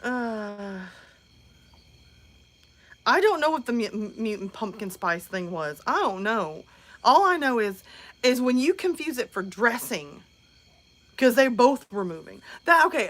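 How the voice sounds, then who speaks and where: A woman's voice: on the high side, lively intonation, moderate pace, a bit bright. A woman in her thirties hosting a casual live stream from home, chatting and answering viewers' comments.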